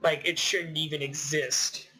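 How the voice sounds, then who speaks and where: A man's voice: a little high, level tone, a little slow, pushed and bright, husky, poor audio. A man in a casual group voice chat, rambling with many fillers and asking the others questions.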